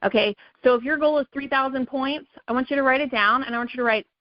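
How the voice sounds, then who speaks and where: A woman's voice: high voice, fast talker, no room sound, dull audio. A woman leading a sales team call, giving an emphatic motivational talk that keeps coming back to okay and right. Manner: emphatic, repetitive, pep-talk, says okay and right a lot.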